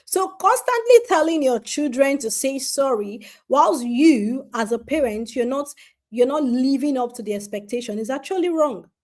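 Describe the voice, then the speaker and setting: A woman's voice: sits high, animated, normal speed, a little mellow. A woman giving an earnest parenting advice talk, speaking straight to parents and repeating key points for emphasis. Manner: addresses parents directly.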